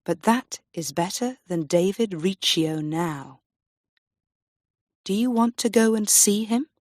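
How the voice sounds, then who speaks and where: Woman reading a mocking young king, quiet and low, sneery. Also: animated, slow, dry recording, studio quality.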